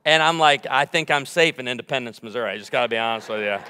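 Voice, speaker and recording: A man's voice: mid-range voice, quick pace, sharp tone, clean tone, big-room sound. A man in his forties giving a humorous sermon in a church, bantering playfully with the congregation. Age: 40s. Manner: joking, playful crowd banter. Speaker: guest preacher. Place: church sanctuary before a congregation.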